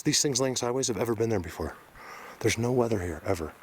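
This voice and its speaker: A man narrating to camera as an outdoor explorer vlogger, hushed and excitable, often dropping to a whisper. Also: fairly low pitch, brisk, pauses often, slight background noise. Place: outdoors in woods.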